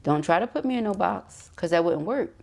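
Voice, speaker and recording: A woman's voice: fairly low pitch, animated, fairly quick, vocal fry, background noise. A woman giving a casual, emphatic tarot reading straight to her viewers. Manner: chatty, emphatic, addresses viewers directly with asides and laughs. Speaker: tarot reader.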